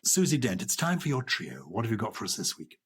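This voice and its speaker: A man's voice: lowish voice, fast talker, breathy edge. A man co-hosting a podcast in casual chat, playfully telling jokes. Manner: playful, tells jokes, animated. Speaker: podcast co-host.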